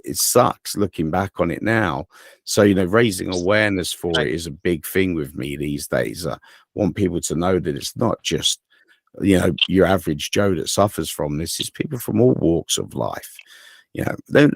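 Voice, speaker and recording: A man's voice: low-pitched, vocal fry, no room sound, clean studio sound. A man in his forties with an English accent, co-hosting a wrestling podcast in a joking, chatty way, often saying "you know". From England. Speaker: podcast co-host. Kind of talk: casual podcast chat.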